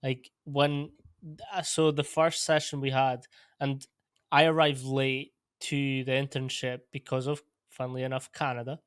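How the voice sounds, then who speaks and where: A young Scottish man chatting casually as a podcast host, laid-back and quick to laugh. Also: medium pitch, little pitch movement, clean tone, no room sound, studio quality. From Scotland. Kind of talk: casual interview chat.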